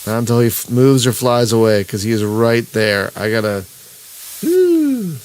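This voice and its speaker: A man's voice: lowish voice, flat delivery, fairly quick, a little hiss or hum. A man hosting a gaming stream, talking casually and rambling over his gameplay with restarts and chuckles. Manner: rambling, self-interrupting, chuckling. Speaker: gaming channel host. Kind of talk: live-streamed gameplay commentary.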